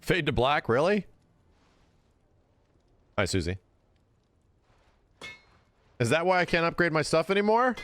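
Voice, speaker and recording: A man's voice: a little high, sing-song, unhurried, pauses often, a bit bright. Joking man talking to his stream chat. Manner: joking, sarcastic, talks to chat. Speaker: gaming streamer. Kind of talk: casual let's-play commentary. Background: game soundtrack.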